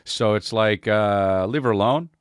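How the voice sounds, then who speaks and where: A man's voice: on the low side, a little slow, clean tone, no room sound, clean studio sound. A man hosting a comedy podcast, ranting casually with a lot of swearing and calling people "dude.". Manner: profane, riffing, says dude a lot. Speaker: podcast host.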